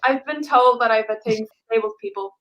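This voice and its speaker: A woman's voice: on the high side, quick pace, fairly bright tone, highs cut off, a little hiss or hum. A woman, a guest on a casual podcast, giggling and swearing as she tells a story. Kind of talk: casual chat.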